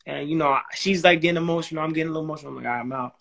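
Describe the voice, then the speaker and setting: Young ny guy telling his story, kinda high voice, slangy, acts out the dialogue. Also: very fast, vocal fry. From New York. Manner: animated, acts out quoted dialogue, heavy slang and restarts. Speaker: guest. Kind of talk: casual storytelling.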